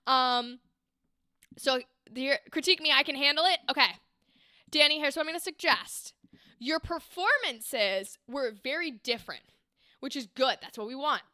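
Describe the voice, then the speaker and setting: A woman's voice: high-pitched, animated, normal speed, pushed and bright, dry recording, studio quality. A woman hosting a livestream, giving bubbly, encouraging critiques of voice acting takes in a chatty way.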